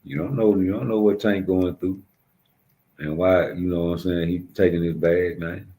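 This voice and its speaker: A man's voice: sits low, steady tone, moderate pace, dark tone, rough recording. A young adult man, ranting bluntly and profanely in street slang as a commentator. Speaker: YouTube commentator. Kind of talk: casual ranting monologue.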